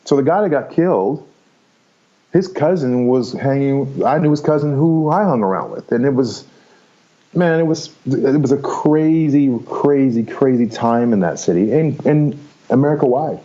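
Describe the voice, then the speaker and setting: A man's voice: mid-range voice, lively intonation, moderate pace, warm tone, dull audio. A man in his fifties, a podcast guest candidly recounting his life in a rambling, frank way, swearing casually and laughing easily. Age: 50s. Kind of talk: candid storytelling interview.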